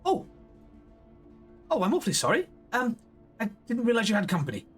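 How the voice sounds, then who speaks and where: A flustered young female tinkerer, put on by a man running a tabletop game. Her voice sits high and she trips over her words with constant polite apologies. Soft music plays faintly underneath. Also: wildly swooping pitch, a little fast, breathy edge, exaggerated voice. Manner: apologetic, stammering.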